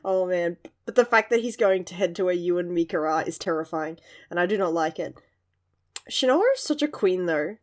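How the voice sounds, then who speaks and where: A young woman reviewing a manga chapter in casual chat, gushing and giggling often, with lively asides. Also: fairly low pitch, brisk.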